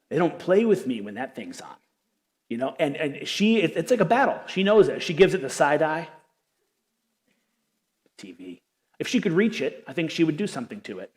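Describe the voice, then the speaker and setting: Male pastor, sermon, animated storytelling, slightly high voice, long hall reverb. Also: moderate pace, long pauses. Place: church auditorium.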